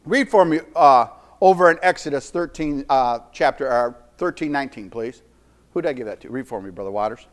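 Emphatic preacher man, lively pitch. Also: brisk. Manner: emphatic, swings between loud declarations and quiet asides; folksy, repeats phrases for emphasis. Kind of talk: sermon.

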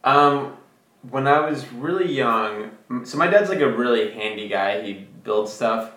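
A young man from Brazil chatting casually, relaxed and rambling with fillers. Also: mid-range voice, measured pace. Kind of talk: casual chat. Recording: roomy echo.

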